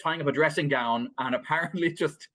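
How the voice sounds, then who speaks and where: A man's voice: a little high, a little fast, a bit bright, no room sound. A man co-hosting a casual film podcast, rambling through plot summaries with many fillers, restarts and laughs. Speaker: podcast co-host.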